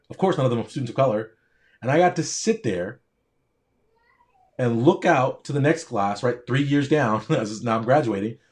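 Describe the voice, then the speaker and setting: A man's voice: medium pitch, a little mellow. A man, a doctor and pre-med coach, giving a motivational speech straight to his audience with a preaching, repetitive cadence.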